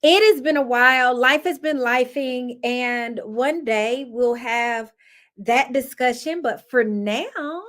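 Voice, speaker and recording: Young mom vlogging, high pitched, talks slow and chatty, laughs a lot. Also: female voice, fairly bright tone. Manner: chatty, laughs often, talks to her kids mid-sentence. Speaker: vlogger and mother. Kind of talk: casual chat to camera.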